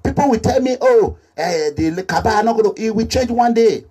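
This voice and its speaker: A man with a Nigerian accent making an impassioned social media appeal as a political activist, animated and repetitive, slipping into Pidgin English. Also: sits high, brisk, husky. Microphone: phone or camera selfie video.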